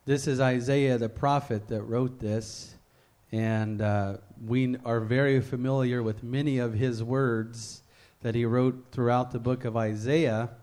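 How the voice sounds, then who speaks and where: A man preaching a sermon, reading scripture slowly and deliberately, then leading a fervent prayer. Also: medium pitch, fairly even intonation, darkish tone.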